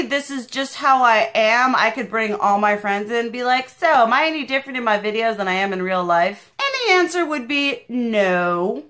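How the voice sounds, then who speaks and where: A loud, emphatic young woman chats away in a casual beauty vlog. Her voice sits a little high and rings bright and forceful. She talks with real passion and leans hard on her words. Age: young adult. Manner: animated and chatty. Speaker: beauty vlogger.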